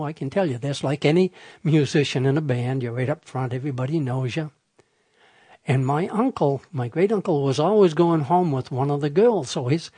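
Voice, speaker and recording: An older man hosting a radio show, spinning folksy anecdotes in a relaxed, chatty way. His voice is husky and a bit higher than most men's. The sound is dry and close, with no room around it. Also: no echo. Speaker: radio host. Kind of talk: casual storytelling on radio.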